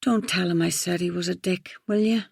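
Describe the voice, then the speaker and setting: A woman's voice: fairly low pitch, steady tone, brisk, gravelly, breathy edge, no room sound, clean studio sound. A woman reading an audiobook, voicing a tipsy, blunt middle-aged friend who talks frankly with a slight slur. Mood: blunt confiding. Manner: slightly slurred, frank and rambling.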